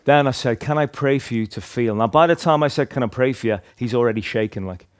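A man's voice: mid-range voice, fast talker. A man with a Northern Irish accent tells a personal faith story to a group in a chatty, rambling way, full of restarts and "like". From Northern Ireland. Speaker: speaker sharing a testimony.

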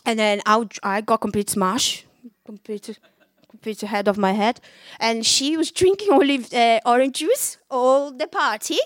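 A woman's voice: fairly high pitch, unhurried, no room sound, studio quality. A woman from Brazil with a Brazilian accent, her first language Portuguese, giving an earnest, candid personal faith testimony. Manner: earnest, candid storytelling with lively acted-out quotes.

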